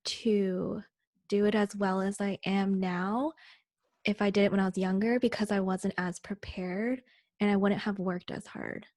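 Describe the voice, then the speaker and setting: A woman's voice: mid-range voice, fairly even intonation, unhurried, a little mellow, dry recording. Young female co-host, frank and casual, dry close sound. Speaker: podcast co-host. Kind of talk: casual chat.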